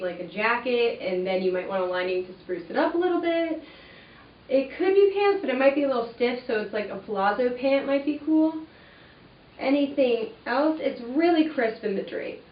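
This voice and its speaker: Chatty young woman in a roomy space. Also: on the high side. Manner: chatty, enthusiastic, many "like"s and "um"s. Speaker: fabric webinar host. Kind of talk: casual product walkthrough. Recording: roomy, distant, slightly dull sound with faint ambience.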